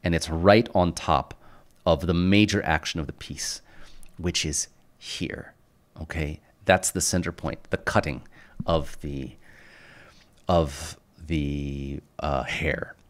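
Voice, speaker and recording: A man's voice: very deep voice, takes it slowly. A man teaching an art lesson over a screen recording, enthusiastic and repetitive, punctuating points with sound effects. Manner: enthusiastic, repeats phrases, punchy sound effects. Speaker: art instructor.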